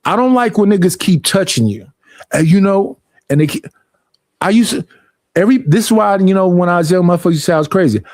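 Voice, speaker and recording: A young man, streaming a casual, profane, animated rant about personal space and family gatherings. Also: high voice, quick pace, dry recording, clean studio sound.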